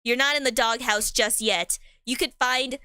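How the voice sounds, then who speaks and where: A woman's voice: fairly high pitch, steady tone, normal speed, pushed and bright, clean tone, dry recording, clean studio sound. A young adult woman streaming, chatting and improvising a role-play, rambling and giggling.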